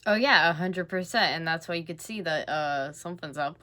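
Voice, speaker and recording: A woman's voice: deep voice, fairly quick, sharp tone. A woman in her twenties hosting a reaction video, chatting casually, blunt and swearing now and then. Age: 20s.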